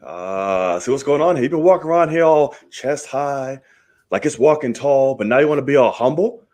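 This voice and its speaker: Taunting man with a lively voice. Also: mid-range voice, moderate pace. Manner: taunting, mocking nicknames. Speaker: trash-talking competitor. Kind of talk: scripted comedic wrestling-style promo.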